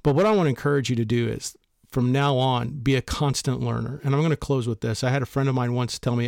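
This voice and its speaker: A man lectures in a blunt, emphatic, somewhat preachy way, giving motivational advice on a podcast. His voice sits at an ordinary pitch. It is recorded close and dry, with no room sound. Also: brisk, vocal fry, darkish tone, no room sound. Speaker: podcast host and author. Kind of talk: motivational talk on leadership.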